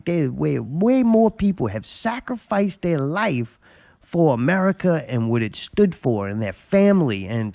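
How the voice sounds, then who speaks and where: Male host, mid-pitched, loose and profane, rambling storyteller. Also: creaky, mellow, no echo. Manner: rambling storyteller, swears a lot. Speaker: podcast host. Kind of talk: casual profane chat.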